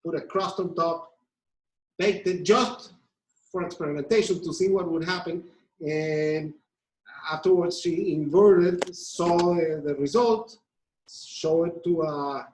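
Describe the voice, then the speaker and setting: Slow, hesitant cooking demonstrator. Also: medium pitch, darkish tone, low-quality recording. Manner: hesitant, many fillers and restarts; methodical, explains step by step. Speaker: pastry demonstrator.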